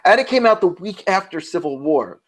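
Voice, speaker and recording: A man with a New York accent and a high-pitched, sing-song voice co-hosts a casual round-table podcast, speaking fairly quickly. He's chatty and rambling, frequently interrupting himself to restart sentences.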